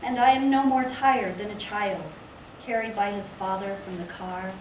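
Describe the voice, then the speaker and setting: A woman reading her poetry aloud at a public library event in a measured, lyrical way. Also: mid-range voice, steady tone. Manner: slow, measured, lyrical delivery. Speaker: poet reading her work. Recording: echoey room, distant mic, background noise.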